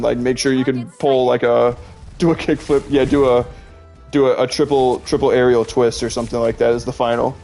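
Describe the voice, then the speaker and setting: Rambling young man with a gravelly voice. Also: medium pitch, darkish tone. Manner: rambling, heavy use of "like", chatty storytelling. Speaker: streamer. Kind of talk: casual chat.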